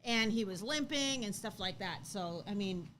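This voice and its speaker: A woman in her thirties co-hosting a casual live chat, telling a story with lively acted-out quotes and frequent laughter. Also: mid-range voice, normal speed, a little hiss or hum. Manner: animated storytelling, acts out quotes, laughs often. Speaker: co-host.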